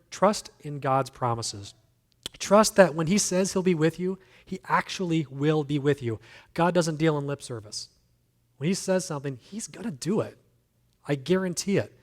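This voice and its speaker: Man preaching with self-deprecating humor. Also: on the high side. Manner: emphatic, repeats key phrases. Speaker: guest speaker. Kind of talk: sermon.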